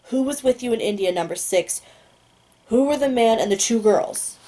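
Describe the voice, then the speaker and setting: A woman's voice: on the high side, normal speed, natural voice. Woman reading as a cold male government agent. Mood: impatient questioning. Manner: flat, clipped questioning. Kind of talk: audiobook character voice.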